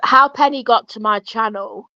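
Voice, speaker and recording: A woman's voice: a little high, moderate pace, pushed and bright, smooth, no echo. A woman hosting a livestream who is losing her voice, earnestly explaining at length. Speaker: livestream host. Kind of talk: livestream chat. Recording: muffled lo-fi stream audio.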